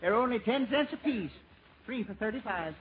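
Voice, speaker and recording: A giggly small-town goof. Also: male voice, extremely high pitch, expressive, normal speed. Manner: folksy, giggly, shouts at a turkey. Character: goofy small-town man courting a widow. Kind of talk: 1940s radio comedy acting. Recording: tinny scratchy 1940s radio recording.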